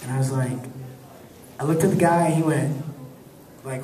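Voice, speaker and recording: A man's voice: medium pitch, moderate pace. A man in his thirties telling laid-back, laughing stories about his acting work, acting out the voices of the people in them. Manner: laid-back, laughing often, animated when acting out quotes. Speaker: actor telling stories at a fan convention panel. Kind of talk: casual storytelling. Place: convention hall with an audience. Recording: echoey hall, distant mic, crowd noise.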